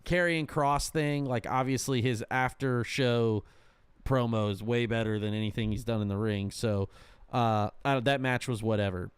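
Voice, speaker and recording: A man's voice: mid-range voice, moderate pace, smooth, dry recording. A man hosting a podcast in casual chat, blunt and swearing freely, often trailing off with ums. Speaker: podcast host.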